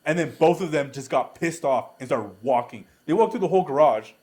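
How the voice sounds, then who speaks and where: Relaxed man in casual podcast chat. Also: on the high side, brisk. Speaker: podcast co-host.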